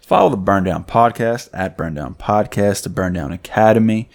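A man's voice: fairly low pitch, normal speed, creaky. A man co-hosting a casual podcast, easygoing, signing off and listing where to follow the show. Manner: easygoing, upbeat sign-offs. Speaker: podcast co-host. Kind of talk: casual chat.

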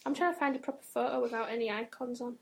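A woman's voice: on the high side, fairly even intonation, rapid-fire, creaky. A woman from Britain co-hosting a live podcast, chatting about her crushes in an unabashed, gushing way. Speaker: podcast co-host. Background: crowd of fans.

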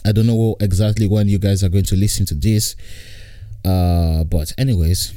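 Mellow laid-back man in his twenties. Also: sits low, steady tone, normal speed, no echo, clean studio sound. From Italy. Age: 20s. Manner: rambling, repetitive, laughs often. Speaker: podcast host and comedian. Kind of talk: casual podcast monologue. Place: at home, lying down.

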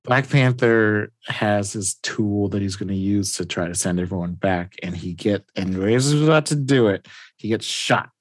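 Male podcast host, casual and rambly, lower voice, dry recording. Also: moderate pace, no room sound. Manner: rambling, many "like"s and restarts. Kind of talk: casual comic recap.

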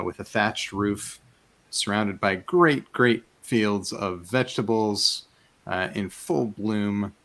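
A man's voice: on the low side, fairly bright tone. A man narrating a tabletop fantasy game as game master, in a meandering way with many fillers and restarts.

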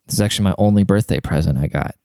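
A man in his thirties talking quietly in a rambling, profane casual monologue, keeping his voice down to a near whisper. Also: low-pitched, very fast, vocal fry, no room sound. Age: 30s. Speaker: vlogger.

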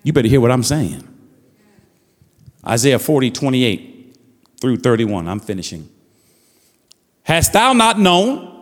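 A man's voice: medium pitch, sing-song, unhurried, pauses often, big-room sound. A man preaching a fervent sermon as pastor, repeating phrases and building with rising calls to the congregation.

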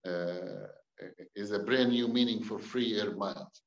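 Storytelling pastor, roomy dull sound. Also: male voice, lowish voice, unhurried, vocal fry. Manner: dramatic, acts out quoted dialogue, wry jokes. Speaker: pastor and guest. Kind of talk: storytelling testimony.

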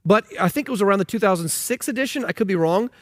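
Male pastor, high voice, emphatic incredulous sermon delivery, dry close sound. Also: expressive, fast talker, no echo. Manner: emphatic, incredulous, with many restarts. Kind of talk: sermon on scripture.

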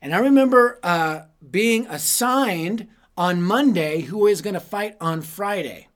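A man preaching a youth ministry sermon as a humorous story, animated and self-deprecating with punchy comic timing. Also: sits high, measured pace.

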